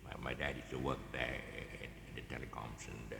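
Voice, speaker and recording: A man's voice: a bass voice, fairly even intonation, a little fast, vocal fry, pushed and bright, echoey room, in a large hall, slight background noise. A man with a Malaysian English accent giving a casual guitar tutorial, rambling with many fillers and restarts and chuckling often, recorded outdoors. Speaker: guitar teacher. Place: outdoors, in the open.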